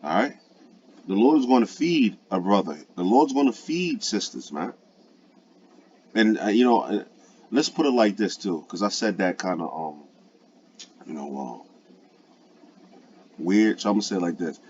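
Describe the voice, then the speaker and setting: A man's voice: on the low side, animated, normal speed, pauses often, darkish tone, dull audio, slight background noise. A man preaching in a loose, profane, conversational way, full of fillers. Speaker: online preacher. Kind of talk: casual streetwise preaching commentary.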